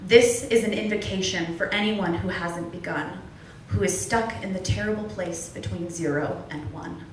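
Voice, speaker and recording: A woman's voice: on the low side, normal speed, slight background noise. A young adult woman at an open mic, performing spoken word poetry in an earnest, candid way with wry humor. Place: small club at an open mic. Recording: distant echoey room recording.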